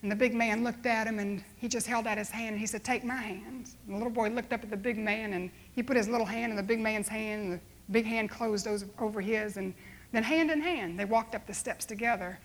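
Woman preaching with dramatic storytelling. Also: a little high. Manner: dramatic storytelling, slowing to soft, hushed appeals. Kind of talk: sermon.

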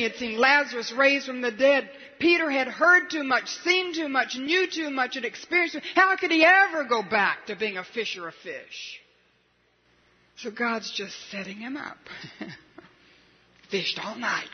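A male preacher telling a story in a sermon, animated and rising to emphatic peaks, on a dull lo-fi recording. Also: very high-pitched, breathy edge. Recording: dull lo-fi recording with faint hiss.

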